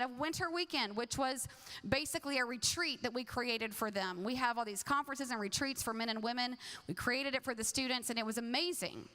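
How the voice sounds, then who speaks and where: A woman's voice: high-pitched, sharp tone, long reverb tail. A woman pastor preaching a sermon in a conversational, humorous way, acting out quotes.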